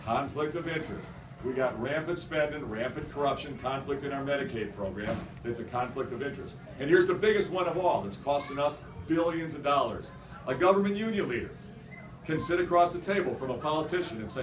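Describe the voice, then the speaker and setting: A man's voice: medium pitch, animated, fairly quick, background noise. Emphatic man's rally speech in echoey room. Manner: emphatic and repetitive, building to loud rallying cries. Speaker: state governor giving a speech. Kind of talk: rousing political stump speech. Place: restaurant function room. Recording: echoey room, mic at a distance.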